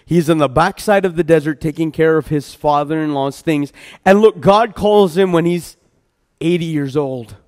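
A pastor's somewhat high, slightly mellow voice moves at a moderate pace through a casual midweek sermon. Chatting with the congregation in a reverberant church hall, he stumbles over words and laughs at himself.

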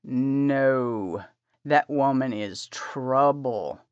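A caring, protective husband, as a woman narrator puts him on. He speaks low and gently, with slow, concerned phrasing. The audiobook audio is dry and slightly dull. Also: clear, resonant tone, no room sound, full character voice. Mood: soothing. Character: tender protective adult husband.

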